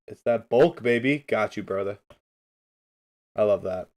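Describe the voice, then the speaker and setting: A man's voice: fairly low pitch, measured pace, long pauses, a little mellow. A man coaching game replays on a livestream, talking loosely and upbeat straight to his chat. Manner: upbeat, keeps saying beautiful.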